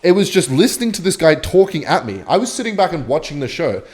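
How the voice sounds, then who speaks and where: A young man telling a rambling, swear-filled story while commentating his own gameplay, with sudden excited outbursts. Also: fairly high pitch, fast. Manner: animated, swearing, bursts of excitement while playing. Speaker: gaming vlogger.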